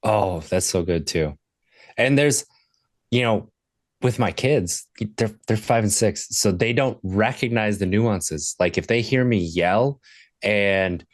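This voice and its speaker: A man's voice: lowish voice, no echo. A man in his thirties, a sobriety coach appearing as a podcast guest, earnestly telling stories from his own life in a casual conversation. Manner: earnest storyteller, retelling moments from his life.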